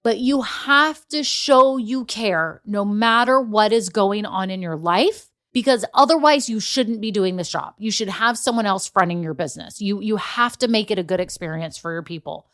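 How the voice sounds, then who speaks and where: A woman's voice: medium pitch, moderate pace, few pauses, a bit bright. A woman in her forties talks alone on her podcast for business owners. She chats through personal stories in a loose, conversational flow, laughing along the way. She keeps turning to the listener with questions and direct asides. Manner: chatty storytelling, laughs often, frequent direct asides. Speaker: podcast host and business coach. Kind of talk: solo podcast monologue.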